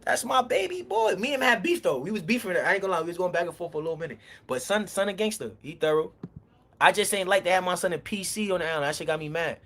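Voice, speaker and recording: A man casually telling a street story, profane and animated, acting out arguments as he goes. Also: high voice, fast talker. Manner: animated, profane, acts out confrontations.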